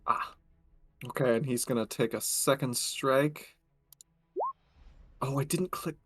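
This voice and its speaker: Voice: medium pitch, slow pace, no room sound. A tabletop player talking casually and chattily about their character's turn, laughing often.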